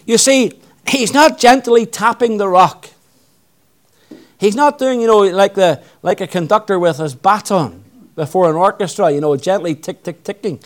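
Male preacher, high voice, sermon delivery, intense then hushed. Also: normal speed. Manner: reads scripture aloud, then preaches with swings from loud intensity to hushed appeals.

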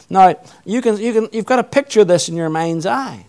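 Male preacher, high voice, sermon delivery, intense then hushed. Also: normal speed, hardly any pauses. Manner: reads scripture aloud, then preaches with swings from loud intensity to hushed appeals.

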